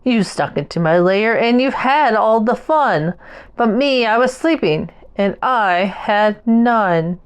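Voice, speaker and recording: A big, sleepy, grumpy male bear from a picture book sulks in a slow, drawn-out way, as a woman reading aloud plays him. The voice stays clear and smooth, rising and falling as she reads. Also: on the high side, animated. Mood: sulky.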